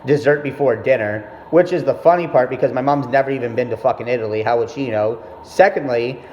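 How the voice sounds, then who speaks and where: A young male vlogger talks quickly in a mid-range, darkish voice, telling a rambling, profane story about his mother and cutting himself off as he goes. It's a casual monologue recorded in a dull, echoey room with faint noise.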